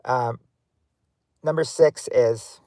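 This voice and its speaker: A man hosting a casual livestream game night, giving clues to players in a halting way, full of ums and restarts. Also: mid-range voice, mellow, no echo. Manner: halting, hunts for words with many fillers; gives clues to players, talks to chat.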